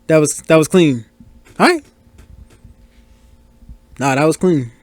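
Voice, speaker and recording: A man's voice: a little high, big pitch swings, drawn-out words, no room sound. A man hosting a podcast, talking casually over a film, exclaiming and joking at the characters as scenes play. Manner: exclaims and reacts aloud to scenes. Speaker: podcast host. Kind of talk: casual movie commentary.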